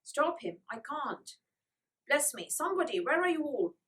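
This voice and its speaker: A woman's voice: high-pitched, sing-song, moderate pace, fairly bright tone, distant mic, pitched above the performer's own voice. A woman voicing a flustered elderly grandfather who exclaims in alarm, from a storybook read aloud.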